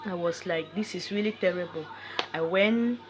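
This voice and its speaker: A woman's voice: fairly low pitch, moderate pace, noisy background. A young woman with a Cameroonian English accent, telling her own story in an emotional vlog with quoted dialogue. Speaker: vlogger.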